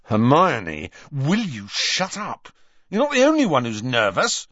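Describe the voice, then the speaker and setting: A man's voice: medium pitch, wildly swooping pitch, measured pace, fairly bright tone, dry recording, dull audio, pitched above the performer's own voice, heavily acted. A man voicing a blunt, irritable teenage boy who talks brusquely, in an audiobook. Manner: brusque, snappish.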